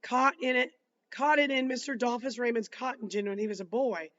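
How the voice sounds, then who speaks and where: A man reading a hushed, halting minister. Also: very high-pitched, lo-fi sound. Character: hushed older male minister.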